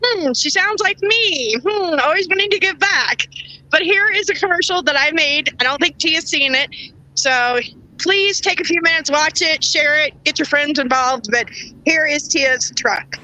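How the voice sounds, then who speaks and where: Bright high-voiced woman hosting. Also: moderate pace, low-quality recording. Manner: emotional, laughs often, gets choked up. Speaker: show host. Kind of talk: casual livestream talk show.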